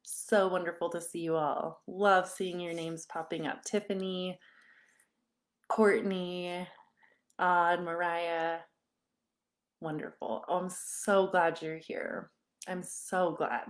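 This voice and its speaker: A woman in her thirties coaching parents in a live online session, talking casually to her audience. She tells stories with frequent little laughs. She slips into animated voices when she quotes people. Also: lowish voice, slow pace. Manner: warm, chatty storytelling with frequent laughs.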